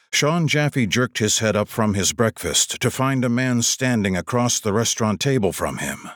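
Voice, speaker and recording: Reading an audiobook, a man with a lowish voice tells the story at a measured pace and with expression. The recording is dry and studio-clean.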